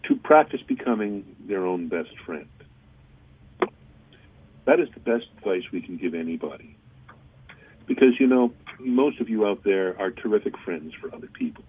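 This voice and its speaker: A deep-voiced man with a husky tone coaches listeners in a calm, steady way, as a radio show guest. His voice comes over a dry, narrow phone line. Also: normal speed, no room sound. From Canada. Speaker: guest channeller. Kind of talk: gentle spiritual advice on a radio interview.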